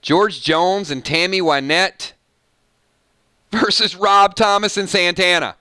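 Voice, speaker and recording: A man's voice: sits high, slow, clean tone, no room sound, studio quality. A man hosting a casual live stream, playfully singing song snippets between chat with viewers. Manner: sings snippets of songs, playful and animated. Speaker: livestream host.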